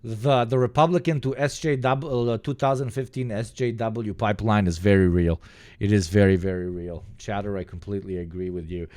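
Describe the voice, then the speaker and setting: A man's voice: lowish voice, steady tone, fairly quick, darkish tone, no room sound, studio quality. A man from the Balkans giving sarcastic, profane livestream reaction commentary that rambles from point to point. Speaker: streamer.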